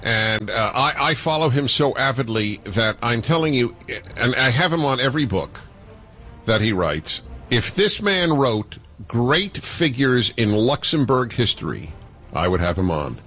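A man's voice: mid-range voice, big pitch swings, a little slow, a bit bright, soft background music. A man hosting a radio talk show, effusive and jokey, sometimes talking over his guest. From United States.

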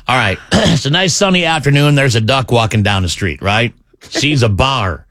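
A male morning radio host in casual banter, telling a joke with lively swings of pitch for the characters. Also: moderate pace, dry recording, studio quality. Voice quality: animated storyteller, swings pitch for the joke's characters. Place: radio studio.

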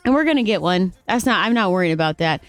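Animated, exasperated radio host woman. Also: mid-range voice, fast, dry recording, soft background music. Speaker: radio morning show host. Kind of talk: casual radio storytelling.

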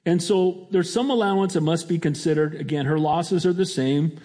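A man's voice: fairly high pitch, moderate pace, mellow. A middle-aged male pastor preaching a sermon in a conversational way, often restarting his sentences.

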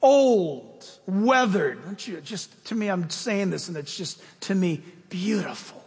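A man with a high voice preaches a sermon from the pulpit. He tells stories in an animated way, jumping from loud bursts to quiet asides. His voice carries with a long reverb through a large hall. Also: slow. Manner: animated storytelling preacher, swings between loud and hushed. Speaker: pastor.

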